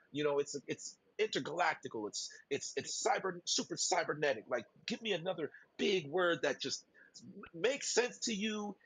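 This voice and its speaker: A man's voice: on the high side, fairly bright tone, slightly rough, no echo, rough recording. A man co-hosting a podcast in casual talk, rambling and acting out little quoted voices as he goes. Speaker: podcast co-host.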